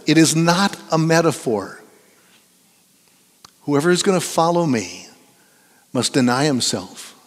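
A man preaching a sermon in a church, animated and emphatic, sometimes dropping into hushed whispers for effect. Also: fairly high pitch, slightly rough. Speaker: pastor. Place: church sanctuary. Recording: long reverb of a church hall.

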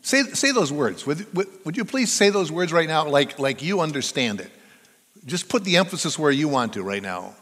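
Older male pastor, conversational sermon delivery, animated pitch, long hall reverb. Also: normal speed. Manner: conversational, chatty storytelling that draws the audience in.

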